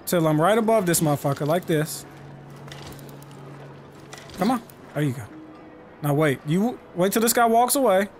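Excitable gamer guy, high voice, lots of swearing, faint game music behind. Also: moderate pace, long pauses. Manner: excitable, profane, yelling at the game. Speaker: let's play host. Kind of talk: gameplay commentary.

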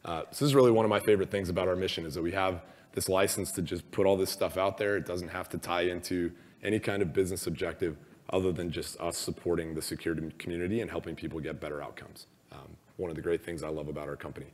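Hoarse guy giving a conference talk, real low voice, lots of ums, big hall echo. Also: steady tone, quick pace, a little mellow. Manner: casual, self-deprecating, many filler ums and uhs. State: hoarse, lost voice. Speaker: conference speaker. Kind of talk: conference presentation. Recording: long reverb of a large hall.

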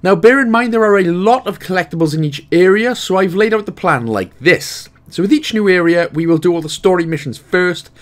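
A Welsh man hosting a game walkthrough, chatting casually with jokey asides while explaining the controls. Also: on the high side. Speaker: gaming guide host.

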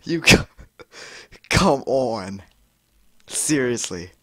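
A young man commenting on a frustrating video game he is playing, exasperated, swearing and yelling at it. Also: mid-range voice, lively intonation, very slow, no room sound, studio quality. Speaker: gamer. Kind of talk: frustrated let's-play commentary.

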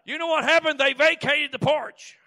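High, bright-voiced preacher. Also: male voice, moderate pace. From Oklahoma. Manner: folksy storytelling that builds to shouted exhortation. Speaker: guest preacher. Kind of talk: Pentecostal preaching.

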